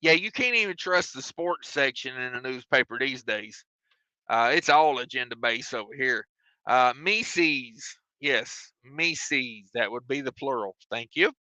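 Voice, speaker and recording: A man's voice: mid-range voice, animated, measured pace, sharp tone, dry recording, poor audio. A man, a trucker chatting on his live stream from his truck cab and reading out viewer comments with jokes. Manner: drawling, joking, self-mocking.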